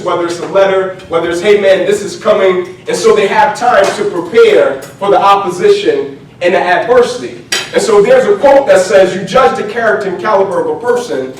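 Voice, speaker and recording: Man telling a story from far off, echoey. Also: slight background noise. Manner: rhythmic, repeats "right?" and "he said"; drops to a soft low voice for quoted lines. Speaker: motivational speaker. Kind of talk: storytelling speech. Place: event venue. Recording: echoey, from far off with faint ambience.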